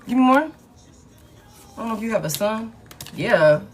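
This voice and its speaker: A woman's voice: on the high side, lively intonation, moderate pace, faint music behind. A woman, chatting casually to her viewers as she reads tarot cards aloud in a live stream. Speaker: tarot reader.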